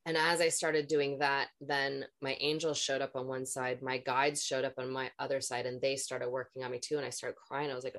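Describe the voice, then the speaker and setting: A woman's voice: very deep voice, flat delivery, normal speed, hardly any pauses, a bit bright. A woman, an energy healer and podcast guest, telling a long personal story in a frank, rambling way and swearing freely.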